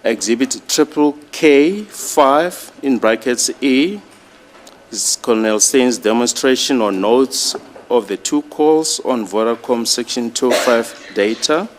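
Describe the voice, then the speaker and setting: A man addressing a judge in a courtroom, reading out exhibits in a formal, deliberate way. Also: medium pitch. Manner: slow, deliberate, reads exhibit lists. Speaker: prosecutor.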